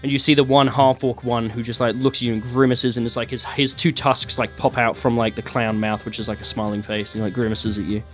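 A man's voice: mid-range voice, fairly even intonation, fairly quick, hardly any pauses, a bit bright, soft background music. A man narrating a tabletop game as game master, describing scenes with many fillers and sound effects.

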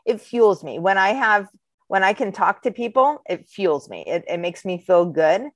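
A woman's voice: medium pitch, lively intonation, normal speed, no room sound, clean studio sound. A woman co-hosting a casual podcast, talking candidly and rambling with self-deprecating asides. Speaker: podcast co-host. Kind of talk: casual chat.

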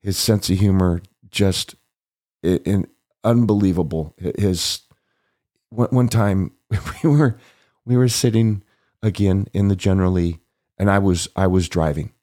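Middle-aged male podcast host, low voice, relaxed anecdotal storyteller who chuckles and acts out quotes. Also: measured pace, long pauses. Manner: warm reminiscing, laughing often, acts out quoted voices. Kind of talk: casual storytelling.

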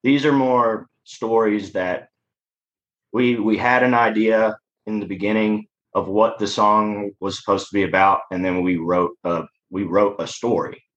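Rock singer chatting, low voice, super laid back and rambly. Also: male voice, fairly even intonation, measured pace, a bit bright, lo-fi sound. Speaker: musician guest. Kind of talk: casual interview chat.

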